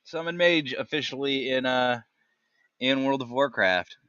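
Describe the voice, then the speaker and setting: A man's voice: medium pitch, pushed and bright, smooth, no room sound, muffled recording. A man hosting a casual gaming chat, reading talent descriptions aloud and stumbling over the odd name. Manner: reads tooltips haltingly, stumbles on names. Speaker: gaming podcast host.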